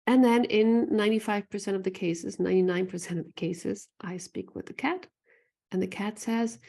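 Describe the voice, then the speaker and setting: A woman's voice: medium pitch, normal speed, creaky, warm tone. A woman who works as an animal communicator gives an earnest live online talk, reading from the chat and often asking "right?". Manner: earnest, repeats phrases, often asks "right?".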